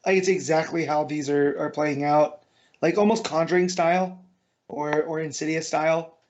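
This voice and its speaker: High-voiced laid-back podcast host. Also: male voice, fairly even intonation, normal speed, a little mellow, dull audio, slight background noise. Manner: laid-back and loose, with slangy filler. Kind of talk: casual comic book review chat.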